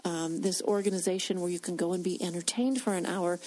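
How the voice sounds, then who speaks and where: A woman discussing faith earnestly, pausing often with hesitant fillers. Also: on the low side, fairly even intonation, a little mellow, poor audio. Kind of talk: Christian discussion.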